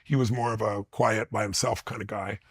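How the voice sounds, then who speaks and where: A man's voice: fairly low pitch, level tone, a little fast, breathy edge, dry recording. A man being interviewed, telling personal stories with intensity and blunt emphasis. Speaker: interview guest. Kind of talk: animated personal storytelling.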